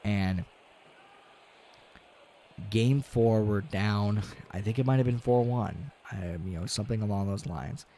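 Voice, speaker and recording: Man, low voice, casual game stream rant, swearing, faint room noise. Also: a little slow, pauses often. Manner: ranting, swearing, swings from low mutters to loud outbursts. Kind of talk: casual gaming stream chat.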